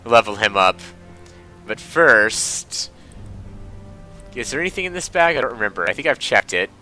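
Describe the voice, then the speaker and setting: A man's voice: medium pitch, very animated, normal speed, bright, forceful tone, faint music behind. A man casually commenting on his video game playthrough, making wry, chatty asides. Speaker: let's play host.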